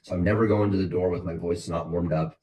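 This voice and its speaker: A man's voice: low voice, fairly even intonation, fast, dark tone, poor audio. A man coaching his sales team on a call, blunt and motivational, repeating his points over and over.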